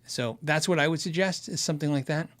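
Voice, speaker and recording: A man with a somewhat high-pitched voice hosts a casual livestream. He answers viewer questions in a chatty, rambling way, often restarting his sentences as he thinks aloud. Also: fast, a bit bright. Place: Arizona.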